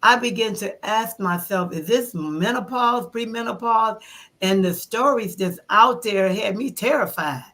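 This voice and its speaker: A woman in her fifties, a guest in an interview, telling her story in an animated way and acting out her own thoughts. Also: mid-range voice, measured pace. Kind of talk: conversational interview.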